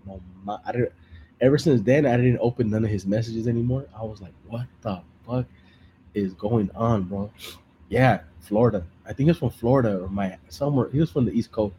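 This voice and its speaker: A man's voice: fairly low pitch, fairly quick, dark tone, slight background noise. A man hosting a live podcast, mixing English and Spanish slang in crude, rambling, laugh-filled stories. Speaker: podcast host. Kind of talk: casual live-stream banter.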